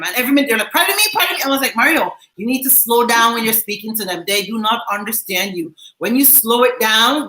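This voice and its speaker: A woman's voice: medium pitch, sharp tone, roomy sound, poor audio. A Jamaican woman hosting a vlog, chatting casually and laughing as she reads viewer comments, slipping into patois phrases. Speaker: vlog host.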